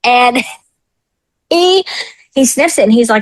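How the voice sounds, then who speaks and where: A woman in her thirties, slightly high-voiced, takes her time telling a frank and lively personal story as a talk show guest, putting on the voices of the people she quotes. The audio is dry and poor.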